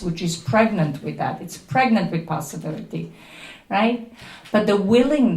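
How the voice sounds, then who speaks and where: A woman's voice: mid-range voice, a little mellow. Earnest Serbian-accented woman, echoey room. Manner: earnest, emphatic, candid. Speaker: recovery speaker at a workshop. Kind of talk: personal testimony talk. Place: workshop room before an audience.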